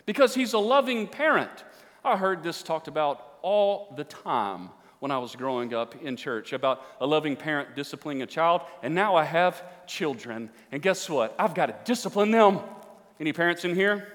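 A man preaching a sermon to a church congregation, emphatic and climbing to near-shouting on key points. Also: fairly high pitch, expressive, moderate pace. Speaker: pastor. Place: church sanctuary with an audience. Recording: long hall reverb.

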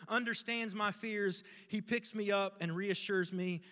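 A middle-aged male pastor preaching a dramatic, impassioned sermon, moving between loud pleas and hushed pauses. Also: high voice, fairly even intonation. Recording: long hall reverb.

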